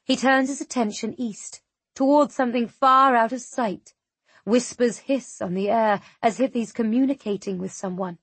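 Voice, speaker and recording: A woman narrating a fantasy audiobook in the first person, measured and tense. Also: fairly high pitch, husky, no room sound.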